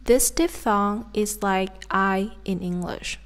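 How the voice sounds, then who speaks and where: A woman's voice: medium pitch, takes it slowly. A woman with a Southern Vietnamese accent teaching a pronunciation lesson, carefully demonstrating each sound. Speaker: language teacher.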